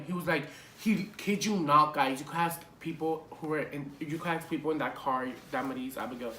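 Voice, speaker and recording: Animated young man in an echoey room. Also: on the high side, normal speed. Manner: animated, profane, lots of fillers. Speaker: vlogger. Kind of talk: casual storytime vlog. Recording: echoey room with faint hiss.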